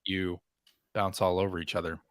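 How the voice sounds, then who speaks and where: A man's voice: deep voice, level tone, moderate pace, no room sound, clean studio sound. A man hosting a casual podcast, chatting loosely and running through the news with easy laughs. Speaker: podcast host. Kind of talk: casual chat.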